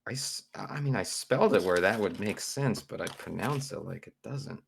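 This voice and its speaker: A man's voice: on the low side, animated, normal speed, gravelly, very noisy. A man playing in a tabletop game, rambling and hesitant. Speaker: player. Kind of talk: tabletop game play, casual chat.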